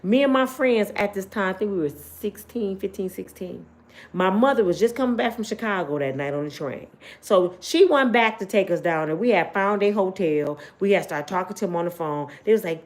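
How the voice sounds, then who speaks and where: A middle-aged woman who tells a personal story casually, in a blunt, animated and slangy way, speaking straight to her viewers. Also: mid-range voice, moderate pace. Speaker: host telling a personal story.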